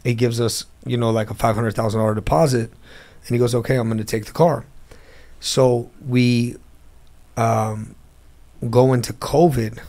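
A man's voice: mid-range voice, fairly even intonation, normal speed, pauses often, mellow. A man, a guest in a casual interview, telling a long story and acting out the phone calls in it. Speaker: interview guest, car dealer.

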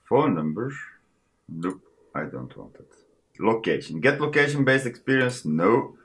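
A low-voiced man talks himself through a computer setup at a slow, unhurried pace. His pitch swings widely as he reads menu options aloud and answers them. It is casual, off-the-cuff screen-recording commentary from a home desk. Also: big pitch swings, a bit bright. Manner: thinking aloud while clicking through setup menus. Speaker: tech channel host.

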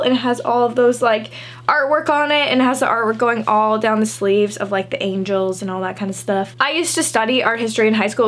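A young woman in her twenties from Canada, chatting casually as she shows off clothes in a try-on haul, bubbly and full of "like". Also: fairly high pitch. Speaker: vlogger.

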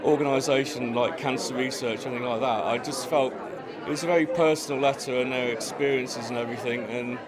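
A man's voice: mid-range voice, fairly even intonation, fairly quick. A man who donated an artwork, in a casual interview, speaking earnestly and plainly. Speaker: artwork donor. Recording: crowd chatter around.

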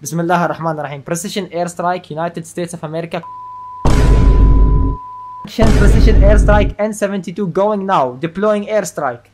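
A man's voice: sits high, moderate pace, over loud music. A man prank-roasting random strangers over video chat, teasing them and laughing often.

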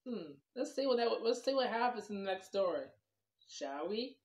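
A woman's voice: medium pitch, expressive, normal speed, darkish tone. A woman vlogger telling a children's story, rambling loosely and talking to the kids as boys and girls. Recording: dull lo-fi recording.

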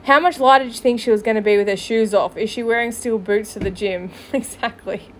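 A woman's voice: on the high side, fairly quick, slight background noise. A woman hosting a podcast, reacting bluntly to played clips with profane, sarcastic commentary. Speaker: podcast host.

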